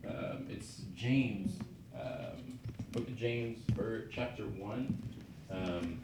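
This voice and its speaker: A man's voice: lowish voice, slow pace. A man sharing an earnest personal testimony and short sermon, with frequent ums and restarts. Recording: echoey, distant, noisy room recording.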